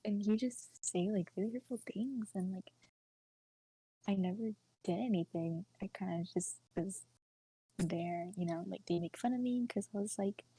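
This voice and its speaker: A young woman sharing a personal story on a casual podcast. Her voice is husky and mellow, and her speech is full of fillers. She often drops into a hushed near-whisper. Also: mid-range voice, moderate pace, low-quality recording. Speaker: podcast co-host.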